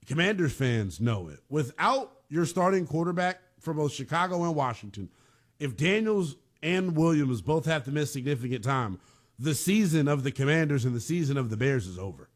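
A male sports talk host riding his opinions hard, with a voice that climbs and swoops with every point. He sits a little high in pitch and talks bluntly and casually. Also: sing-song, moderate pace. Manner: emphatic, heated, opinionated. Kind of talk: fired-up sports talk commentary.

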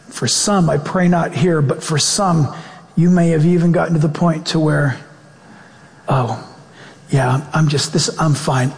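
A man pastor preaching a sermon to his congregation, shifting from animated, fast-paced bursts to slow, solemn prayer. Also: high voice, big-room sound. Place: church sanctuary.

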